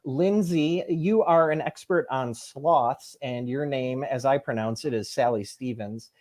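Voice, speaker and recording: A man's voice: medium pitch, unhurried, a little mellow. A man hosting an improv game show in an upbeat, announcer-like way.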